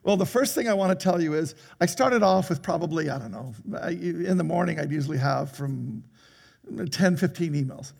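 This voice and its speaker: Gravelly high-voiced older preacher. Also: male voice, normal speed. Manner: animated storytelling with laughter. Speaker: pastor. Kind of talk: sermon. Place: church hall.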